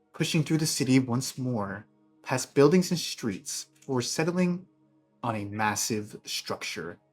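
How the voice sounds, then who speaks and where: A man running a tabletop game as game master, setting scenes cinematically with some fillers. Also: mid-range voice.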